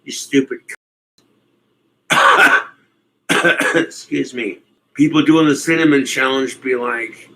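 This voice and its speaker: A man's voice: mid-range voice, slow, creaky, long pauses, fairly bright tone, slight background noise, low-quality recording. A man streaming his reactions to videos, talking in a loose, rambling, profane way and often slipping into mocking impressions.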